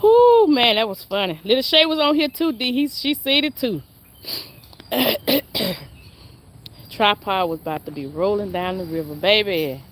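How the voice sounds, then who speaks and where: A woman's voice: mid-range voice, very animated, unhurried, pauses often, slight background noise. A woman, chatting and laughing with viewers on a casual live stream. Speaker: livestream host.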